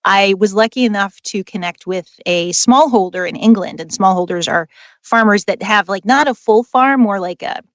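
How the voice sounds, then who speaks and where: A woman's voice: mid-range voice, no room sound, dull audio. A woman author and dog trainer, a guest on a podcast interview, talking in an enthusiastic, chatty way. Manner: enthusiastic, chatty, quick to laugh.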